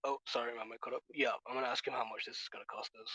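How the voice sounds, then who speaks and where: A man's voice: mid-range voice, steady tone, rapid-fire, bright, forceful tone, husky, rough recording. A man playing a tabletop game, talking casually in a laid-back way. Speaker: player.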